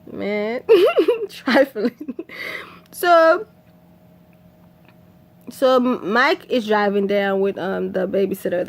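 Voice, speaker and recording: A woman talks casually through a story, laughing often as she goes. Her pitch sits in the middle, and her telling is loose and chatty with plenty of fillers. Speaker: vlogger recapping a movie. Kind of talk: casual chat.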